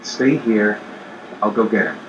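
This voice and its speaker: A man's voice: on the low side, a little slow, muffled recording, slight background noise, close to an everyday voice. An actor playing an anxious young father who loses his son in a crowded mall and calls after him. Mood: calm. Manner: calling out urgently, growing frantic. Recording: roomy distant game audio.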